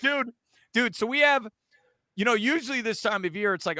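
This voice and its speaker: A man co-hosting casual sports talk, excitable and joking. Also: very high-pitched, normal speed, no room sound, clean studio sound.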